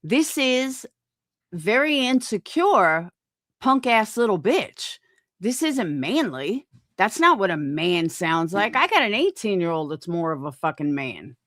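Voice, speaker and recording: A woman's voice: mid-range voice, very animated, unhurried, fairly bright tone, dry recording, clean studio sound. A woman in her forties hosting a stream, reacting to clips in a blunt, mocking, profane way. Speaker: stream host reviewing clips. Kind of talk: casual reaction commentary.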